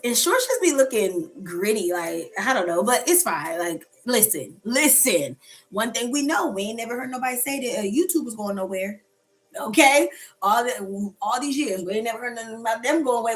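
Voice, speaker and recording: A woman's voice: on the high side, poor audio. A woman hosting a casual live coffee chat stream. She talks loosely, answers her viewers' comments and laughs often.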